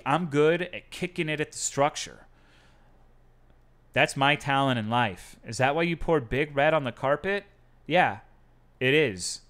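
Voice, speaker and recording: A male streamer chats with his viewers from a home setup. His voice is bright and sits at a middle pitch. He swears freely and jokes at his own expense. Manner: profane, self-mocking joking. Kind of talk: casual chat with viewers.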